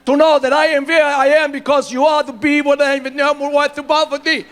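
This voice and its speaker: A man's voice: very high voice, little pitch movement, fairly bright tone, pitched above the performer's own voice. A man doing a comic impression of an Austrian bodybuilder-politician, mangling his sentences in a thick Austrian accent. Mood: pompous. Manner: mangled, halting word salad.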